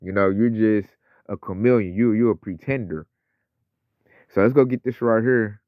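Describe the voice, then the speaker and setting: A man's voice: on the low side, normal speed, no room sound, phone-quality sound. A man teaching scripture in a casual, conversational way, slipping into slang and acting out other people's voices. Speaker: religious teacher.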